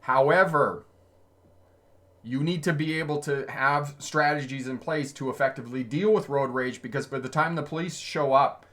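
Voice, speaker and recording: He's a driving instructor hosting his channel's casual livestream, trading road stories and reacting to viewer comments while laughing frequently mid-sentence. His mid-range voice is a bit bright and moves at a moderate pace.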